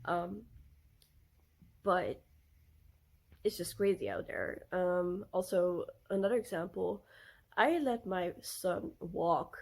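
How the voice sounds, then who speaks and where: A woman's voice: mid-range voice, a little mellow, husky. A young woman vlogging about parenting, telling stories in a casual chatty way with lots of fillers and restarts. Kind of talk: casual storytelling to camera.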